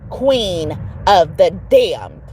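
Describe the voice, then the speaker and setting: A woman's voice: fairly low pitch, very animated, very slow, a little mellow, a little hiss or hum. A woman tarot reader talking casually to her viewers, blunt and emphatic, cussing freely. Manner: emphatic, blunt, cusses a lot. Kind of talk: casual tarot vlog talk.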